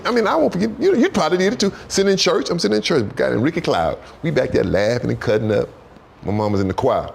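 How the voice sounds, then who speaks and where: A man telling stories on a talk show, in an animated, repetitive way, jumping into high voices for quotes. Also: quick pace, gravelly, a little hiss or hum. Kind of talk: storytelling talk-show chat.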